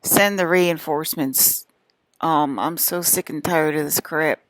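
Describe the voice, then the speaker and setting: A young woman rambles casually to her vlog camera in a low voice at a measured pace, with no room sound. Her talk meanders and repeats itself, full of fillers and restarts.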